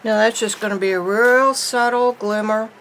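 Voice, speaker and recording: Woman art teacher, folksy, chatty, slightly gravelly voice, faint background hiss. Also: a little high, steady tone, normal speed, a bit bright, poor audio. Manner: chatty, folksy, thinking aloud while painting. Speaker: painting teacher. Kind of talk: casual painting tutorial.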